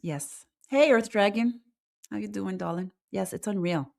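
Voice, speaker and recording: A woman's voice: medium pitch, measured pace, gravelly, darkish tone. A woman hosting an online talk show, ranting bluntly and animatedly in casual chat with her live viewers. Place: lives in Quebec, Canada.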